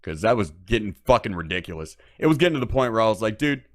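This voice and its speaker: A man's voice: lowish voice, very animated, fast. A man hosting a late-night show, ranting casually in a profane, mocking way. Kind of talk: casual on-air rant.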